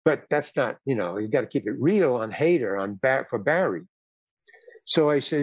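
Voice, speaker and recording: A man's voice: medium pitch, lively intonation, moderate pace, no echo. A man in his eighties, a guest actor and comedian, telling casual anecdotes in a rambling way, with repeated words, restarts and some blunt swearing.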